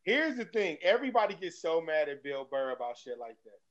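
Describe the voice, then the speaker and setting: In a casual chat, a man tells stories with energy and acts out comedians' bits like an animated storyteller. His voice is fairly high and brisk, and the recording sounds dull and lo-fi.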